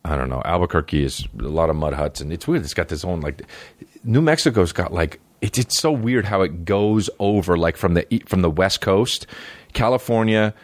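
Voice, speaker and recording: A man's voice: low voice, moderate pace, no room sound. A male comedian hosting his podcast, telling loose, profane, meandering stories full of fillers in a studio. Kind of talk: rambling casual storytelling. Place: recording studio.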